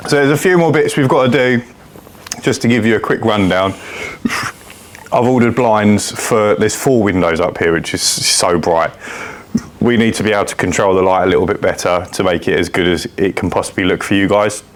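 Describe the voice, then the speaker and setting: A low-voiced man co-hosting a podcast. He talks in a relaxed, joking way, as if chatting with a mate. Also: normal speed. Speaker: podcast co-host. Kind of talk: casual chat. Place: large empty unit with echo.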